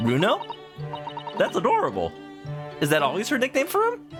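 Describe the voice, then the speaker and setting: A man's voice: very high voice, huge pitch swings, normal speed, loud music behind the voice. A young adult man streaming a game, chatting playfully as he reads along. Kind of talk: gameplay commentary.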